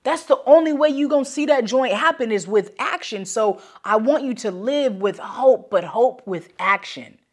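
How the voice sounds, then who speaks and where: A woman's voice: on the high side, lively intonation, normal speed, hardly any pauses. A woman talks solo on her motivational podcast, preaching with conviction in a loose, slangy way. She circles back to her points and repeats them for emphasis, sometimes with a catch of feeling in her voice. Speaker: podcast host.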